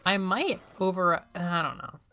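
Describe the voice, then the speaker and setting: A woman streamer chatting casually and excitably while she plays a video game, often joking at her own expense. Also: lowish voice, a little slow, soft background music. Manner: chatty, excitable, self-deprecating. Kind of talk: casual gameplay commentary.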